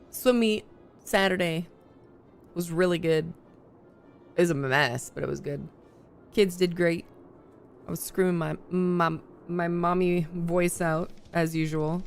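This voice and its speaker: A chatty woman streamer with a lowish, gravelly voice that is still slightly hoarse, greeting her viewers and laughing easily. She talks into a desk mic at home, with faint music playing under her voice. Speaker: livestream host. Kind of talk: casual live-stream chat.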